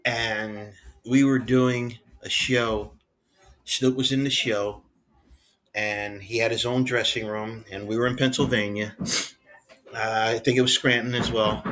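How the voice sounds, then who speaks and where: A man, a guest on a podcast, telling backstage stories in an animated, laughing way and acting out what people said. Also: mid-range voice, a little slow. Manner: lively, laughing, acts out quotes. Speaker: guest, former head of wrestling security.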